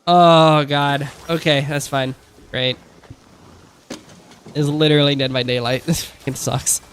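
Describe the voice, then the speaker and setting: A man's voice: on the high side, flat delivery, unhurried, a bit bright, a little hiss or hum. A young man ranting in exasperated let's play commentary while hosting his gaming channel, repeating phrases and calling everyone dude.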